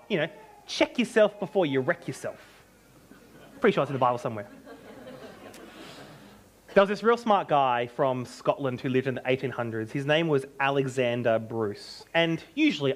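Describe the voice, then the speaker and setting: A man preaching a sermon as pastor, emphatic and animated, with joking asides. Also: a little high.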